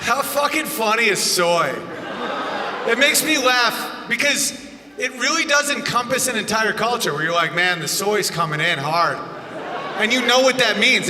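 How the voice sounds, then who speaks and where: Male stand-up comic, high voice, profane shouting rant, echoey hall, music behind. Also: background noise. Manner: loud, profane, often shouting. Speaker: stand-up comedian.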